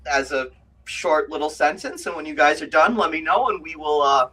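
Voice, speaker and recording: A man running a tabletop game as game master, a lively storyteller who tells the story, explains the rules and tells anecdotes. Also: breathy edge. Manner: lively storyteller, quick shifts into high put-on voices. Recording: voice from a distance.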